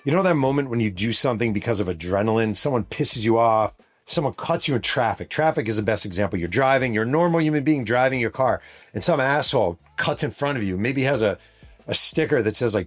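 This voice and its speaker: A man's voice: medium pitch, expressive, quick pace. A middle-aged man from New York State, hosting a podcast and retelling a story in a casual, profane, vivid way. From New York State, USA. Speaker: podcast host and author.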